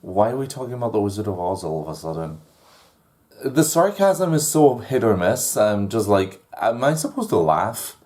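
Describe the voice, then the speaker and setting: A man's voice: lowish voice, big pitch swings, normal speed, a little mellow. A man giving a casual video book review, rambling with many fillers and restarts, wry and amused.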